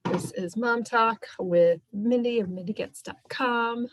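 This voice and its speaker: A woman's voice: fairly high pitch, unhurried, background noise. A mother hosting a casual live chat, chatty and laughing often between loose, rambling sentences. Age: young adult or middle-aged mother. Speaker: host.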